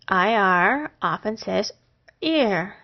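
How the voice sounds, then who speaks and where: A woman teaching a phonics lesson, sounding out syllables and words one at a time with long pauses between them. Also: medium pitch, animated. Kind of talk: slow, deliberate phonics lesson. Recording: dull lo-fi recording.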